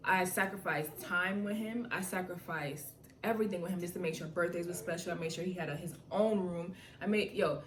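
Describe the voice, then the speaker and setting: A young woman tells her story in quick, slangy bursts, acting out what others said. She sits back from the mic, so the room's echo comes through. A faint hiss stays under her voice. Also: medium pitch. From New York. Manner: animated, slangy storytelling with quoted dialogue. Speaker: vlogger. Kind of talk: casual storytime. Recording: echoey room from far off, faint noise.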